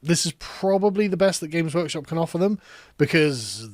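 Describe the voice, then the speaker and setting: Man, online video commentator, somewhat high voice, dry sound, dismissive. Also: animated, normal speed, dry recording.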